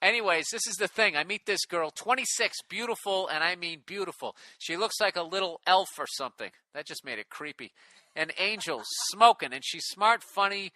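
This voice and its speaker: A man's voice: high voice, expressive, moderate pace, bright, forceful tone, no room sound. Sarcastic, profane man reading emails aloud. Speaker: podcast host reading listener emails. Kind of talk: casual comedic podcast banter.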